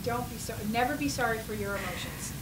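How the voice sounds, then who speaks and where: A woman's voice: fairly high pitch, quick pace, background noise. Effusive woman hosting a talk show. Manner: effusive, encouraging. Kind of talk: casual interview.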